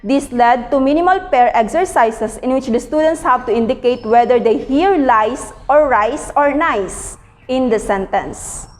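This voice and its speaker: A fairly high-voiced woman reads a textbook aloud as a lecture, careful and measured, now and then correcting a slip. Her voice carries a long reverb tail, as if it were recorded in a large hall. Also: a little mellow. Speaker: teacher presenting a reading.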